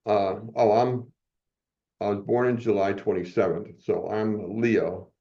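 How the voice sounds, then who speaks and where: This older podcast guest speaks on the low side, unhurried and steady, with a dark tone, while he wanders through a story from his life. Chuckling often and restarting to correct himself, he keeps the interview relaxed, but the audio is muffled.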